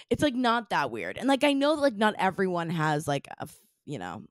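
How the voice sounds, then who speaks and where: Lively, playful woman podcast host. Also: medium pitch, normal speed, dry recording, studio quality. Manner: chatty, playful, lots of fillers. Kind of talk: casual chat.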